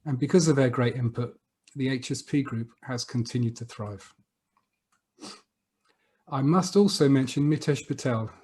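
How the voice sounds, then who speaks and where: A middle-aged man from the UK, an outgoing trustee, giving a prepared farewell speech over a video call, warm and a little halting, repeating words as he goes. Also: medium pitch, slightly rough.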